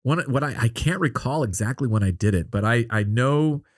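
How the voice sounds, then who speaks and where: A man's voice: mid-range voice, expressive, a little fast, dry recording, studio quality. A man hosting a podcast, chatting casually and rambling, with many "like" and "you know" fillers. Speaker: podcast host. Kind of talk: casual interview chat.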